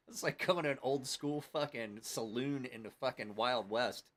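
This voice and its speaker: A man's voice: mid-range voice, brisk, few pauses, a bit bright. A man hosting a casual live stream and telling rowdy, profane stories, acting out everyone's lines. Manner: rowdy storyteller, swearing, acting out quotes. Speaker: host.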